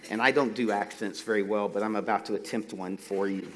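A middle-aged man preaching a sermon into a microphone, slowing down to stress key phrases and dropping in folksy, self-deprecating asides. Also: on the low side, fairly even intonation, a little hiss or hum. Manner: slow, deliberate emphasis on key phrases.

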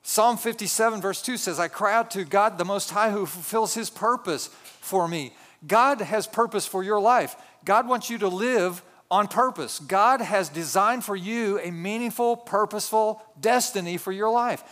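A man's voice: high voice, moderate pace, hardly any pauses, fairly bright tone. A man preaching a sermon as a pastor, telling a story with a conversational manner and asides to the congregation.

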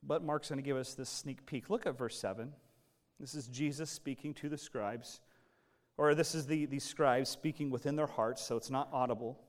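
A male pastor preaching a sermon, animated and conversational, acting out quoted voices as he explains a passage. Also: mid-range voice, normal speed.

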